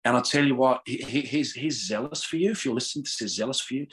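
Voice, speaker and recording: A man's voice: mid-range voice, fast talker, rough recording. A middle-aged man, a podcast guest, talking in a casual spiritual way and praying, laughing often and repeating his words. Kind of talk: casual spiritual chat and prayer.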